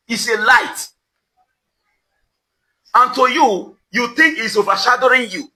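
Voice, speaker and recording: A Nigerian social media commentator, standing outdoors at his house compound, directs an accusatory, emphatic rant at the camera and keeps repeating his questions. His voice is very high and sharp, yet he takes it slowly and pauses often. The recording is low quality.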